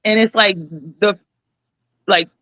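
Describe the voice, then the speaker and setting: A woman's voice: medium pitch, steady tone, takes it slowly, no room sound. A woman talking emphatically and encouragingly in a casual group podcast chat. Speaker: podcast guest. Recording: dry, dull lo-fi call audio.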